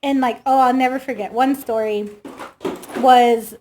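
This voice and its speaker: A woman in her late thirties with a high, bright-pitched voice hosts a relaxed interview. She tells stories with plenty of animation and slips into the voices of the people she quotes. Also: a little slow, slight background noise. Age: 30s. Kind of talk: casual chat.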